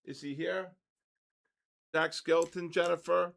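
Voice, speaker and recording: A man hosting a casual livestream, calling out giveaway numbers and names and exclaiming excitedly over the winners. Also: on the high side, slow, gravelly. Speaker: livestream host running a giveaway.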